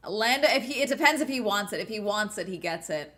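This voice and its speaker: A young woman streaming a race watch-along, reacting out loud in casual chat and laughing often. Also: mid-range voice, a little fast. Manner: excitable, laughs often, talks to herself. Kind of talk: casual live reaction commentary.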